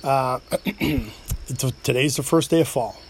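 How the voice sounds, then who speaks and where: Slow-paced and mid-range, this middle-aged podcast host from upstate New York rambles through his solo show somewhat tipsy from a few drinks, cursing and making jokes at his own expense. A little hiss or hum is audible.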